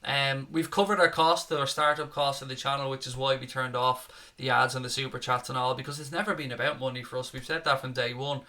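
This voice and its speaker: A chatty Dublin man co-hosts a fan channel's live match watchalong from his desk at home, reading viewer comments, swearing freely and making jokey asides to viewers. His Dublin Irish voice is medium-pitched with little pitch movement, fairly quick with few pauses, pushed and bright, picked up by a desk setup with webcam.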